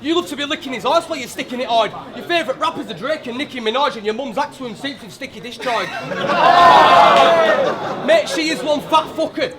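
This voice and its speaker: A man rapping aggressive, crude battle verses at a crowded bar event. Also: very high voice. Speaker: battle rapper. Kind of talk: rap battle verses over a loud crowd. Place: bar venue, indoors.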